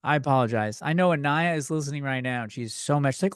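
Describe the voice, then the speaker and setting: A man's voice: mid-range voice, fast, clear, resonant tone, no echo, studio quality. A young man hosting a comedy podcast, ranting in a rambling, profane, self-deprecating way at a desk microphone. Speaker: podcast host.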